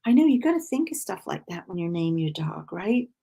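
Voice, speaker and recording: A woman hosts a relaxed cross-stitch livestream from home, talking freely and laughing often. Her voice has a gravelly, fry-touched edge. She greets viewers by name as she stitches. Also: on the low side, fairly quick. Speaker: crafting livestream host. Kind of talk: casual chat while cross-stitching.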